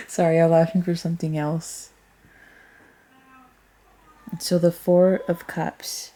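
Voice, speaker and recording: A woman talks through a casual tarot reading at an unhurried, drawn-out pace. Her voice sits a little low and has a mellow, dark tone. She rambles as she thinks aloud and speaks frankly, swearing freely. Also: little pitch movement. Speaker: tarot reader.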